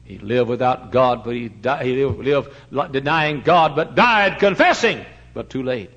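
Male pastor, fiery sermon, big pitch swings, dull lo-fi sound. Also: expressive, measured pace, husky. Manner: fiery preaching, swings from shouts to hushed tones. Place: church sanctuary. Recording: dull lo-fi recording.

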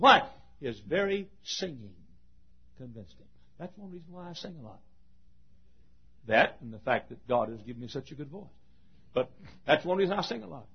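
An older man preaching a sermon, telling stories with animated swings between loud proclaiming and hushed asides. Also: on the high side, moderate pace, pauses often. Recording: dull lo-fi old recording.

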